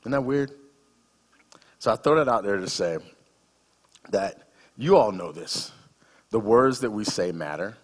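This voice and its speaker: A man's voice: fairly low pitch, expressive, unhurried, pauses often, breathy edge, long reverb tail. A man in his fifties, a guest speaker giving a sermon in a conversational, humorous storytelling manner.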